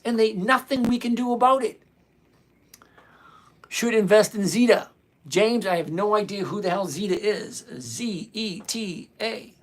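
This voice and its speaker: A man's voice: sits high, unhurried. A man in his sixties hosting a live stream, reading chat questions aloud and answering in a blunt, dismissive way. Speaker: livestream host answering chat.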